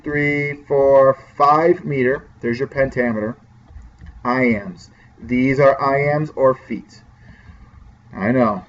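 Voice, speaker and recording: A man's voice: mid-range voice, lo-fi sound. A man teaching a class, explaining poetry in a casual, direct way and talking straight to his students.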